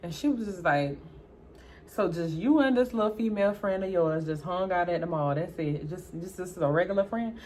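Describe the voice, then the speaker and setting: A woman's voice: normal speed, slight background noise. A young woman vlogger chatting casually while doing her makeup, acting out both sides of a conversation, with Southern US slang. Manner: animated, acts out both sides of a dialogue, jumps high for her own exclaims. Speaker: beauty vlogger.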